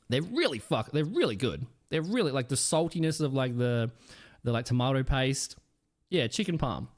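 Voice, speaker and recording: Aussie guy streaming, south australian accent, cheeky and smug, swears casually, very animated voice. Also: mid-range voice. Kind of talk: casual chat with chat.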